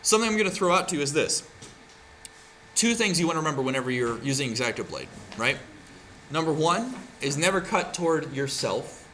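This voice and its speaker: A man teaching a hands-on craft lesson with a bright, fairly high voice that rises and falls a lot. He talks casually to his students and keeps checking in with "right?". A faint hum of room noise sits under him. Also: lively intonation, a little fast. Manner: chatty, keeps asking "right?". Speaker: art teacher. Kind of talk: classroom tutorial demonstration.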